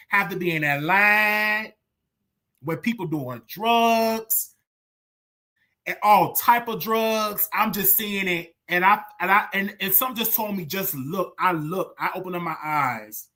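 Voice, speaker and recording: A show host in their thirties telling a personal story in a monologue, emotional and repetitive, swinging from hushed to loud. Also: medium pitch. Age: 30s.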